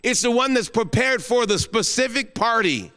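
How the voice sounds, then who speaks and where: A man's voice: very high-pitched, expressive, normal speed, clear, resonant tone. Emotional preacher man in a reverberant hall. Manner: emotional, rising to exclamations then dropping soft into prayer. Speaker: guest pastor. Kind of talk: sermon.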